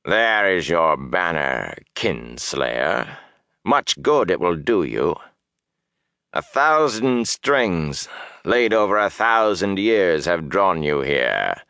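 A man voicing a menacing male dark lord villain in an audiobook, slow and commanding, swinging between roars and low hisses. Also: sing-song, gravelly, clean tone, no echo, clean studio sound, heavily acted. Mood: scornful, commanding. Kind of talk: audiobook character voice.

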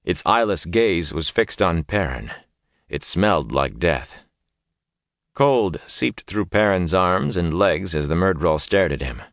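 A man reading a fantasy novel aloud as an audiobook narrator, in a measured, dramatic way. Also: low voice, expressive, a bit bright, no echo, clean studio sound.

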